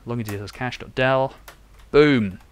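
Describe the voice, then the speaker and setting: In this live coding tutorial, a young man codes on stream while chatting and reasoning aloud. His medium-pitched voice is smooth and unhurried.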